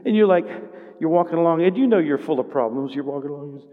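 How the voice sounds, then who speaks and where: Pastor, man, fairly high voice, impassioned sermon, long reverb of a church hall. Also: lively intonation, fast talker, narrow, tinny audio. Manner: impassioned, building to loud exhortation; conversational, with repeated calls to the congregation. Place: church sanctuary.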